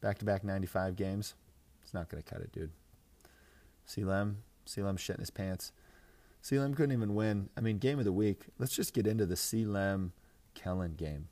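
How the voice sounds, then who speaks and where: A man's voice: sits low, moderate pace, mellow. Crude, laughing young man on a podcast. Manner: crude, joking, mocking, frequent laughs and filler "like"; mimics others in exaggerated voices. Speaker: fantasy football podcast host. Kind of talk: casual profane podcast rant.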